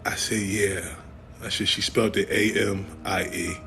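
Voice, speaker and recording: Deep-voiced man telling a story casually. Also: a little slow, creaky, faint music behind. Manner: animated, jumps higher when quoting people; jokey, uses "y'all". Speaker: storyteller in a shared clip.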